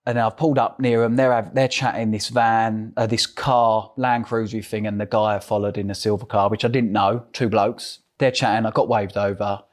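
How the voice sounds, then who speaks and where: A man's voice: fairly low pitch, little pitch movement, normal speed, hardly any pauses. A middle-aged man with an Essex accent, an interview guest telling his story animatedly and acting out the voices of others. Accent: Essex English. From England.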